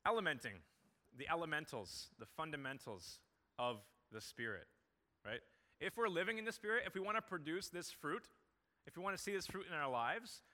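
A man's voice: medium pitch, bright, forceful tone. A man preaching a sermon as pastor, earnest and conversational, building emphasis on key points. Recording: long hall reverb.

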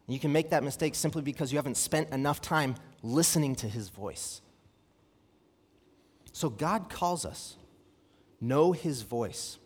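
A young man preaching a sermon, reading scripture and telling a personal story, with lively rhetorical questions. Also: on the high side, breathy edge. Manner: animated, asks rhetorical questions, reads scripture aloud. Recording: long hall reverb.

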